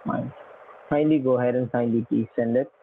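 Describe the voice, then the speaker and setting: A man's voice: medium pitch, steady tone, a little fast, gravelly, slight background noise. A man with an Indian accent on a phone call, weary and insistent, using formal polite phrasing. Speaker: scam caller. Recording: tinny phone line.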